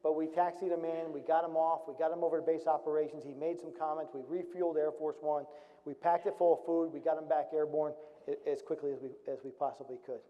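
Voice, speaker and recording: A man's voice: fairly high pitch, little pitch movement, fast. Middle-aged man telling war-room stories. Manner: wry, dry humor woven into a serious account. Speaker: retired Marine officer giving a talk. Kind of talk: anecdotal storytelling talk. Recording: dull recording with long hall reverb.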